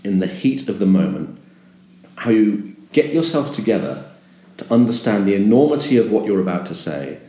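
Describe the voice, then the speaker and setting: A sports broadcaster with a very low voice speaks in a reflective, emphatic way. He often stumbles and repeats words as he starts each point. His voice echoes around the room. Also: mellow. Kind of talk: reflective interview talk.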